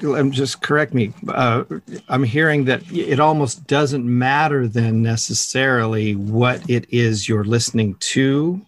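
A man hosting an interview, asking curious questions in a halting, stammering way. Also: mid-range voice. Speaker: host. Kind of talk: conversational interview.

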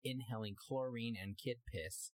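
Man, casual podcast co-host; teasing, profane, husky voice, dead-dry close mic. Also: medium pitch, steady tone, unhurried, no echo. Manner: teasing, profane, mimics friend's voice.

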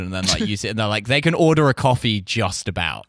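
A man's voice: medium pitch, animated, fast talker, fairly bright tone, dry recording, studio quality. An English man, a comedian guest, telling stories in casual podcast chat, rambling and swearing freely while acting out quotes.

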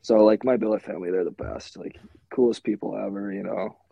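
A man's voice: lowish voice, a little fast, creaky, dark tone, husky, no echo, dull audio. A young man from Minnesota, a hockey goalie, talking in a laid-back casual way as a podcast guest, full of "like" and "you know". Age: young adult.

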